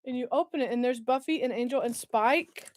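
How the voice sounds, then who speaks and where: A woman's voice: a little high, brisk, darkish tone, a little hiss or hum. A woman hosting a casual live stream, bubbly, laughing often and poking fun at herself. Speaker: livestream host.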